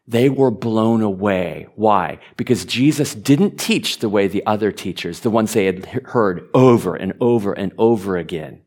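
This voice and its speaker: A man preaching a sermon, animated, stumbling over repeated words and rising to emphatic peaks. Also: fairly low pitch. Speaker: pastor.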